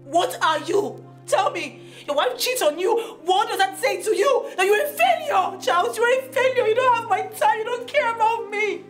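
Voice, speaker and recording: A woman's voice: extremely high pitch, expressive, a little slow, over music. An actress with a Nigerian accent playing a married woman caught cheating, pleading and begging over and over. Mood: accusing. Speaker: actress in a film. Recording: roomy room with film score.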